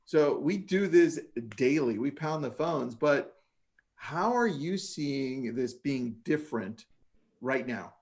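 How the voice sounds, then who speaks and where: A man's voice: mid-range voice, expressive, takes it slowly, vocal fry, darkish tone. A man hosting a casual livestream interview, upbeat and enthusiastic, calling his guest "dude". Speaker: host.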